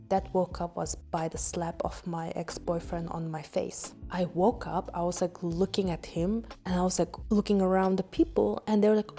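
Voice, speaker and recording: Young woman, podcast host, candid storytelling, frequent swearing, mellow tone, faint music underneath. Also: mid-range voice. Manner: frank, swears often, laughs at herself.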